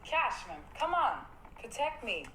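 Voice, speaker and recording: A young woman with a fairly high voice streams casually from home. She talks in a jumpy, excitable way and keeps pleading with her viewers and her dog. A faint hiss sits under her voice. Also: unhurried, low-quality recording. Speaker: livestreamer. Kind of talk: casual livestream chat. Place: home at night.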